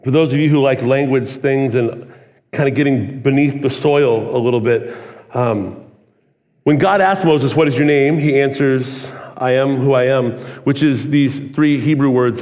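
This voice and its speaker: A man preaching a sermon in a relaxed, conversational way, full of "like" and "kinda.". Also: mid-range voice, unhurried. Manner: casual, conversational preaching with many "like"s. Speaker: pastor. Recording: long hall reverb.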